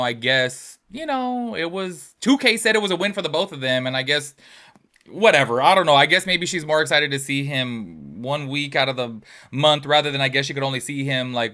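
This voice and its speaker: Young guy spilling tea on his channel, bright, kinda high voice, chatty and gossipy. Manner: gossipy, animated, lots of filler words. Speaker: commentary channel host. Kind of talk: casual drama commentary.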